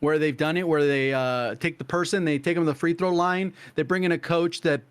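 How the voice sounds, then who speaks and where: A man's voice: fairly high pitch, fairly even intonation, brisk, clear, resonant tone. A man in a casual gaming podcast chat who explains his points at length with examples. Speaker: podcast co-host.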